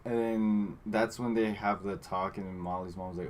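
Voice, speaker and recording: A man's voice: deep voice, little pitch movement, moderate pace, darkish tone, slight background noise. A man co-hosting a podcast, casually recapping a movie in a rambling style full of fillers, acting out the characters' lines. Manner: rambling, filler-heavy, acts out quotes. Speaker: podcast co-host.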